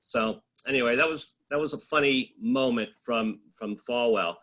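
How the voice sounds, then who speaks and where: A man's voice: mid-range voice, normal speed, fairly bright tone. A man, a journalist, telling funny stories from his reporting career in a casual, wry way, full of fillers and restarts. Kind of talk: casual storytelling talk.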